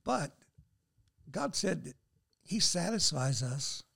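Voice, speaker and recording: A man's voice: a little high, slow, gravelly. An older man, a guest on a faith talk show, speaking earnestly and quoting scripture as he shares. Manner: earnest, animated, quotes scripture.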